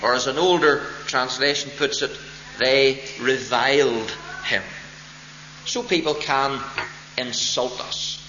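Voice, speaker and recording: A man preaching a sermon as pastor, expounding a text deliberately and stressing key words with emphatic rises. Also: mid-range voice, steady tone, pushed and bright, a little hiss or hum. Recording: roomy, dull lo-fi church recording.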